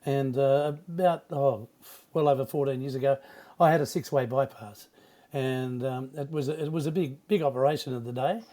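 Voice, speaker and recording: Older Australian man, mellow rambling voice. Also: mid-range voice, steady tone. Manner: rambling, halting, many restarts. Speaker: veteran radio broadcaster, guest. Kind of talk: casual reminiscing interview.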